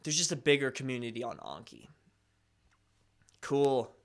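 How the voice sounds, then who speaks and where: A man's voice: medium pitch, very animated, unhurried. A young man hosting a casual live stream, chatting loosely and reading viewer comments with a self-deprecating, rambling manner.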